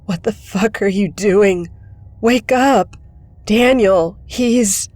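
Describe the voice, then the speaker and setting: A woman's voice: fairly low pitch, slow, slightly rough, no room sound, soft background music. A woman doing a choked, tearful, furious teenage boy. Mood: anguished. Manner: shouting, strained. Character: distraught, furious teenage boy grieving a friend.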